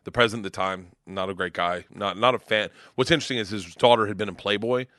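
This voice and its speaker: A middle-aged man from Florida, a comedian guest telling animated, profane stories and acting out quotes loudly. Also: on the low side, quick pace, dry recording, clean studio sound. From Tampa, Florida. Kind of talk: casual storytelling chat.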